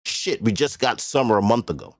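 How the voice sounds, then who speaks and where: A man holds forth on his own livestream in a loose, blunt and profane manner, hammering his points home by repeating them. His voice sits at an ordinary pitch but rises and falls a great deal. The sound is close and dry, with no room around it. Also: animated, a little fast, no echo. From Boston area. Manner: blunt, profane, emphatic repetition. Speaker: livestream host. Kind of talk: casual livestream rant.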